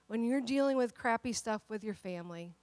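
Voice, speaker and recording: Woman pastor, conversational sermon, lively, fairly high-pitched, dry sound. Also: a little fast, no room sound. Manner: animated, conversational preaching with many restarts.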